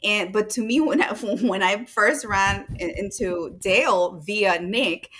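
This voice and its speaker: A woman's voice: mid-range voice, slow pace, fairly bright tone, slightly rough. A woman hosting a casual interview, asking rambling, enthusiastic questions. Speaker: host.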